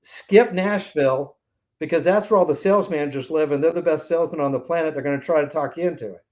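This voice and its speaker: A man's voice: a little high, quick pace, a little mellow. A man in his sixties, a podcast guest, telling anecdotes in a casual interview and acting out the voices of the people in them.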